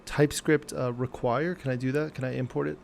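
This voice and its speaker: Gravelly man muttering while he codes. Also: medium pitch, fairly even intonation, slight background noise. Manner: muttering to himself, halting and self-questioning. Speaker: programmer streaming live. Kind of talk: thinking aloud during a live coding stream.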